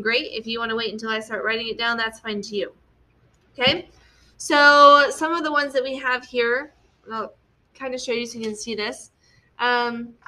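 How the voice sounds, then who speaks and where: Young female teacher, bright voice, patient step-by-step classroom explainer. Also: fairly high pitch. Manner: patient, explains step by step with frequent "okay?" checks. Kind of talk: classroom lesson on story structure.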